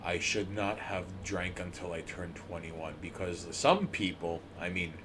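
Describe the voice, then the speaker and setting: A man's voice: low-pitched, a little slow. Drawling man riffing with mock grandeur. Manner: mock-grandiose, drawling, addresses listeners as jerks. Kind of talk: casual podcast banter. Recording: noisy background.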